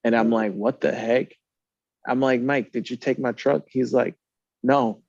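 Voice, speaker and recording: A man's voice: medium pitch, a little slow, vocal fry, no room sound, highs cut off. Laughing man telling a story. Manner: animated, laughing, swearing storyteller. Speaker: guest on a truck talk show. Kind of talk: casual storytelling chat.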